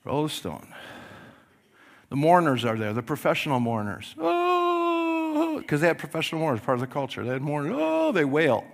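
A middle-aged man preaching a sermon, telling the story with animated delivery that swings from loud to hushed and acting out voices. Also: medium pitch, fast talker. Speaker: pastor.

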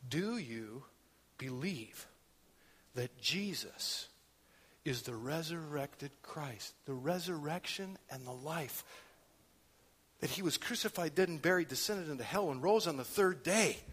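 A man preaching a sermon in church, swinging from quiet talk to loud shouting. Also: fairly high pitch, expressive, a little slow, husky, long reverb tail. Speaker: pastor.

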